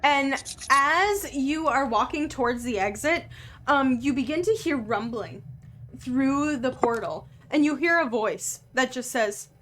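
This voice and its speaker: A woman game master who narrates at a slow, deliberate pace, painting each scene for her players. Her voice sits a little on the high side. A faint hiss of ambience runs underneath. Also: lively intonation, fairly bright tone. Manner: unhurried, descriptive narration.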